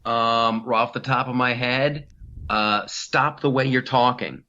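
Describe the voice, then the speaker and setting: A man's voice: medium pitch, fairly even intonation, unhurried, bright, forceful tone, dull audio. A man hosting a comedy podcast, riffing in a casual, mocking way and mimicking politicians.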